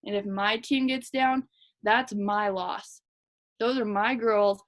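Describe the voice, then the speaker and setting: A young woman team leader giving a fast, chatty, energetic motivational talk to her team. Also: mid-range voice. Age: young adult. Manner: fast, chatty, energetic, lots of "like" and "you guys". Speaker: direct sales team leader.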